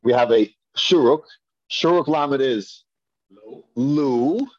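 A man with a medium-pitched voice speaks slowly as he teaches a Hebrew reading lesson. He patiently repeats and drills each pronunciation with his students, captured in a dull lo-fi classroom recording.

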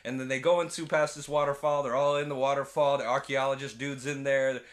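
A man's voice: medium pitch, little pitch movement, brisk, a little hiss or hum. A man casually retelling a movie scene by scene, acting out the characters and swearing freely. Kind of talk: casual movie recap chat.

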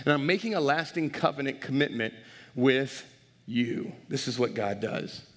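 A male pastor preaching a sermon to a congregation, animated and direct, calling out to the crowd. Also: medium pitch, moderate pace, long reverb tail.

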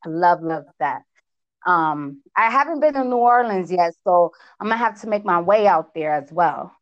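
A woman from the US East Coast with an East Coast accent, chatting casually about business and networking, lively and repeating phrases for emphasis. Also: fairly low pitch, normal speed, dry recording, muffled recording. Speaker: business owner.

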